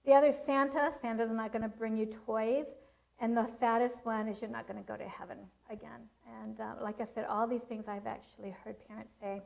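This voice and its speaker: A woman's voice: a little high, steady tone, a little fast, gravelly, darkish tone, rough recording. A middle-aged woman giving a parenting seminar, telling stories and teaching in an earnest way. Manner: earnest, storytelling with acted quotes. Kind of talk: seminar talk with personal stories.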